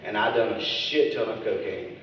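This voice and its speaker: A man's voice: lowish voice, normal speed, dull audio, heavy background noise. Guy doing crude standup on a club stage, echoey room, sounds kinda far from the mic. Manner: crude, teasing, riffs with the crowd. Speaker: stand-up comedian. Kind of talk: stand-up comedy set.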